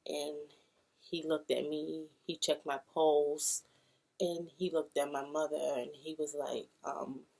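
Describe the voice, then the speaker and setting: A young woman from Brooklyn, casually telling a personal story to camera and acting out what people said. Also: low voice. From Brooklyn, New York. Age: young adult. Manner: casual, acts out quoted voices. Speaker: vlogger.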